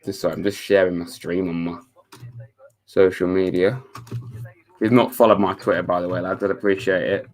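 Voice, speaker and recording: A man's voice: sits low, flat delivery, moderate pace, pauses often, darkish tone. A young man chatting casually to his viewers on a live stream, reading out their messages. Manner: chatty, reads chat messages aloud, laid-back.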